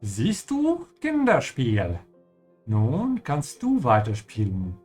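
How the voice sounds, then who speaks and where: A talking speech bubble from a point-and-click game speaks in a slightly raised voice, slow and carefully enunciated, as a man puts it on. It keeps a mid-range tone and a friendly, inviting pull. Faint music plays under it. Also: mid-range voice, wildly swooping pitch, darkish tone, exaggerated voice. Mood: encouraging. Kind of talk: voicing game dialogue in a language lesson.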